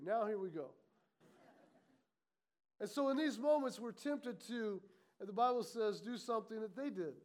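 A man preaching a sermon, animated and playful, acting out muttered complaints from his congregation. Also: very high voice. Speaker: pastor.

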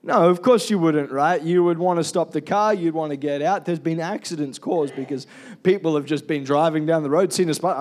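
Male pastor, slightly high voice, conversational sermon to a congregation, quizzes the room. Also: brisk. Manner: conversational, asks the congregation questions and calls for amens. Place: church.

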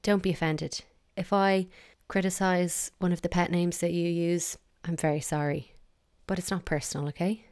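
A woman's voice: fairly low pitch, fairly even intonation, moderate pace, a little mellow, dry recording, studio quality. An Irish woman talking casually and wryly, giving her opinions in a chatty monologue.

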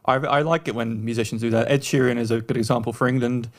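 Man praising a song, halting. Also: mid-range voice, fairly even intonation. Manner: warm praise, halting starts and repeated words. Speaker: podcast co-host. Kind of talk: casual chat reviewing songs.

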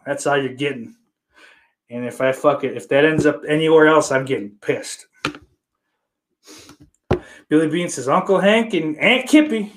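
A man hosting a casual livestream podcast, reading viewer comments aloud and cursing a lot, sarcastic, his voice swinging between loud and quiet. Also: fairly high pitch, measured pace, pauses often. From Irish heritage. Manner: profane, sarcastic, with big swings in loudness.

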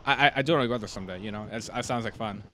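A man's voice: fairly low pitch, rapid-fire, bright, forceful tone. Curious American man in casual chat. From United States. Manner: curious, asks many questions.

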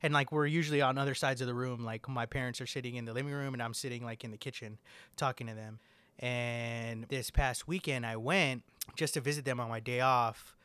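A man's voice: mid-range voice, fairly even intonation, a little fast, fairly bright tone, smooth, no echo. A man in casual chat with a friend, rambling, swearing often and filling his talk with "like". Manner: rambling, swears a lot, fills with "like".

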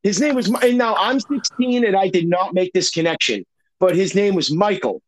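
A young man tells a story in loose conversation. His voice sits high for a man, and he rambles, swears often, and keeps restarting his sentences with fillers. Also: expressive, moderate pace, slight background noise, rough recording. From Massachusetts. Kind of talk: casual storytelling chat.

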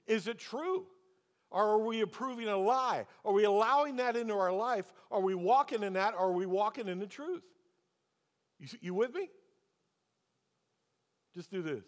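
A man preaching as a pastor, telling a personal story and then pressing the congregation with rhetorical questions. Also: high-pitched. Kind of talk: sermon. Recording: long hall reverb.

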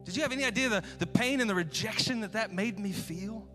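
Man doing a defensive biblical king, self-pitying, hushed low pleading. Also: quick pace, soft background music.

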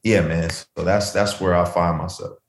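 A man's voice: low voice, fairly even intonation, normal speed. Easygoing male guest in a roomy echo. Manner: reflective, easygoing, slangy. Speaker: guest artist. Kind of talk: casual chat.

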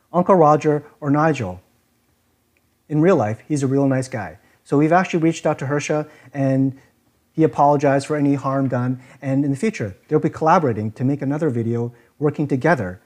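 A man's voice: medium pitch, a little mellow. A man preaching a sermon in an earnest, explanatory way, often repeating himself to stress a point. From Chinese community.

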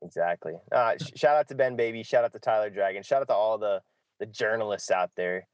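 A man's voice: lowish voice, brisk, no room sound. A man hosting a casual sports podcast, loose and jokey, often saying "exactly". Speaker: podcast host.

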